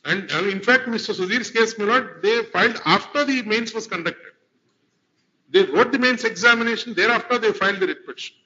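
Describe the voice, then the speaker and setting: In lo-fi livestream audio from a courtroom, an Indian-accented advocate argues before the judges. His high-pitched voice is brisk, bright, and forceful, and his formal argument addresses the bench as "my lord" throughout.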